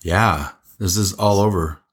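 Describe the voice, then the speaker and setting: A man's voice: deep voice, measured pace, husky. A man co-hosting a casual wine tasting show, chatty and rambling, laughing often.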